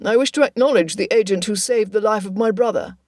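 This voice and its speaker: A woman's voice: medium pitch, quick pace, darkish tone, no room sound, clean studio sound, natural voice. A woman voicing a stately older royal man, formal and authoritative, in an audiobook.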